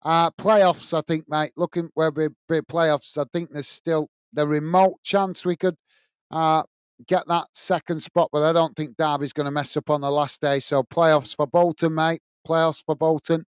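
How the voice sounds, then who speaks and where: A chatty middle-aged man hosts a football watch-along. He calls the play and reads out viewer messages in a fairly high, smooth voice. The sound is dry and close. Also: steady tone, normal speed, no room sound. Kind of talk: live match commentary and chat reading.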